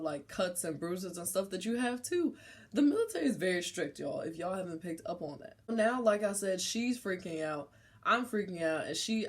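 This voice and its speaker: Animated young woman telling a story. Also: fairly low pitch. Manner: animated, slangy, laughing. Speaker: vlogger. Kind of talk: casual storytelling.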